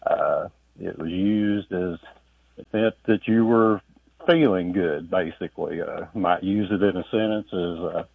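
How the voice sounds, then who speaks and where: A male caller from Kentucky asking about a word, slow and careful, spelling it out. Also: deep voice, creaky, slightly rough. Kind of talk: phone-in question. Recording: tinny distant phone line.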